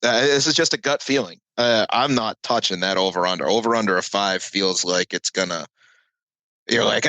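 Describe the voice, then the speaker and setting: A man's voice: on the low side, normal speed, no room sound, rough recording. A man co-hosting a casual sports betting chat over a call, talking animatedly and cutting himself off. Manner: animated, self-interrupting, jokey. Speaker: podcast co-host, betting analyst. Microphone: remote call mic.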